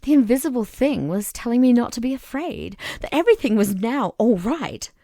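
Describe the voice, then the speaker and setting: Brief: woman audiobook reader, unhurried and animated, slightly high, dry close sound. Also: no echo. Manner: slow, expressive narration. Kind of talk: reading a novel aloud.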